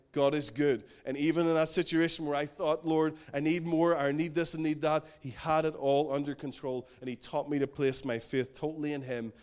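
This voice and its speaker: Man preaching, earnest and emphatic, slightly raised voice, repeats for weight. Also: fairly high pitch. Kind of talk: sermon.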